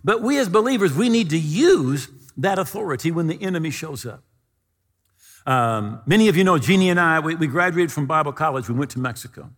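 A man's voice: fairly high pitch, fairly quick. A man preaching a sermon and telling stories, acting out the voices of the people he quotes. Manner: animated, acts out quoted voices in his stories. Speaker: pastor. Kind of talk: sermon with storytelling. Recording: long reverb of a large hall.

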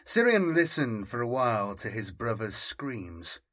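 A man narrating an audiobook in a slow, deliberate scripted reading. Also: mid-range voice, very animated, a bit bright.

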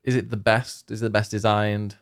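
A man's voice: on the low side, little pitch movement, a little fast. A man co-hosting a casual podcast chat, teasing his partner and reading out award nominees. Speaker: podcast co-host.

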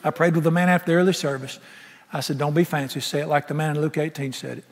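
Folksy preacher in a reverberant church. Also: male voice, fairly high pitch, fairly even intonation, fast talker. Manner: folksy, impassioned preaching, dropping to soft near-whispers. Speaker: pastor. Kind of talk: sermon. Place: large church sanctuary. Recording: echoey sanctuary with long reverb.

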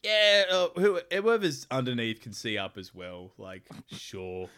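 A man's voice: fairly low pitch, very animated, unhurried. A man hosting a podcast, telling jokey anecdotes in casual chat. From Australia. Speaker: podcast host.

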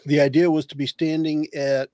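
A man's voice: on the high side, level tone, moderate pace, a little mellow, no room sound. A man playing a tabletop game, talking casually and a bit hesitantly about his next move. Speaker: player.

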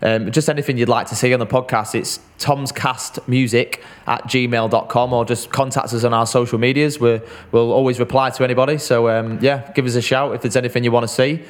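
A man's voice: mid-range voice, steady tone, brisk, few pauses. A man co-hosting a podcast, chatting casually and rambling with fillers and restarts. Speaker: podcast co-host. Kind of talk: casual chat.

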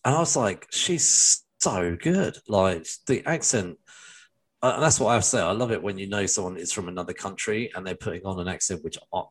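A man with a very deep voice co-hosts a casual podcast. He rambles cheerfully, circling back with fillers and restarts as he talks. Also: fast. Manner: chatty, rambling with many fillers. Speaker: podcast co-host.

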